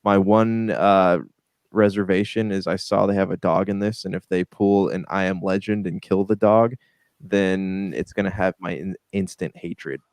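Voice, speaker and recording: A lower-voiced man talking casually on a podcast, the sound dry and close. He hesitates often, filling gaps with ums and restarting his thoughts. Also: steady tone, normal speed, darkish tone, no room sound. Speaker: podcast co-host. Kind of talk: casual pop culture chat.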